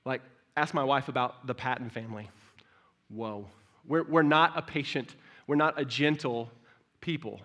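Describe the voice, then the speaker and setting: A middle-aged male pastor delivers a sermon in a bright, forceful voice that sits at an ordinary pitch. He talks in a direct, blunt way, dropping low and quiet, then climbing to loud, impassioned runs of emphasis. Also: moderate pace.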